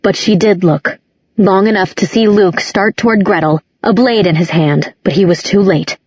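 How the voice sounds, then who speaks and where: A woman reading a dark fantasy novel aloud as scripted storybook narration, in a measured, dramatic way. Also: mid-range voice, breathy edge, no echo. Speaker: audiobook narrator. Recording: dull lo-fi audiobook recording.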